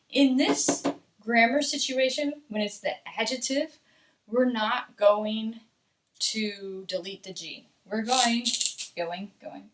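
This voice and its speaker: Slow-paced woman teaching English. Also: fairly high pitch, background noise. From Texas. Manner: patient, slow, repeats "okay?" often. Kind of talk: accent lesson.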